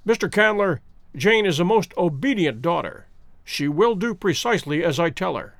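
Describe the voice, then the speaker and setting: Man voicing a fussy elderly professor, tutting, raised pitch, lively swoops, dry close sound. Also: normal speed, vocal fry, no echo, full character voice. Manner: fussy, clucking "tut, tut". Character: elderly fussy male professor, absent-minded father. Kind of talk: audiobook character voice.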